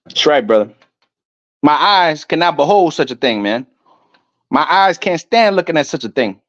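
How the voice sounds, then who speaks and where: A man giving a ranting commentary, loud and emphatic, stumbling over repeated words as he reads definitions aloud. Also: fairly high pitch, very animated, moderate pace, dry recording. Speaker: online commentator. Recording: dull lo-fi dry sound.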